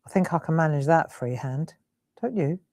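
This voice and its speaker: A woman's voice: low-pitched, moderate pace, darkish tone, no room sound. A middle-aged woman hosting a live crafting stream, chatting and giggling as she works. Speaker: crafting host.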